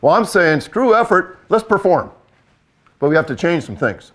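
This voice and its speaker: A man's voice: sits high, big pitch swings, normal speed, a bit bright. An older man and football coach giving a blunt, emphatic talk, repeating key points for effect.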